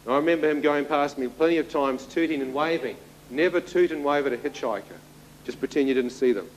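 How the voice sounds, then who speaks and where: A man's voice: on the high side, brisk, a little hiss or hum, rough recording. Man vividly telling his story. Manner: vivid storytelling with audience asides. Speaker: testimony speaker. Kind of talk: spoken testimony to an audience.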